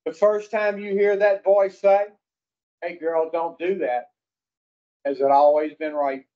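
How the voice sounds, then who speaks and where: A man's voice: on the high side, a little mellow. A man giving a casual, folksy teaching talk to a recovery group, blunt and profane, quizzing his listeners directly. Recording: dull lo-fi recording.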